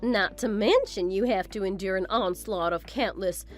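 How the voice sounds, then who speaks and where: A woman's voice: mid-range voice, normal speed, soft background music, close to an everyday voice. A woman playing a vain, belittling middle-aged mother-in-law in a text-story drama. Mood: boastful. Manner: haughty, belittling, self-admiring.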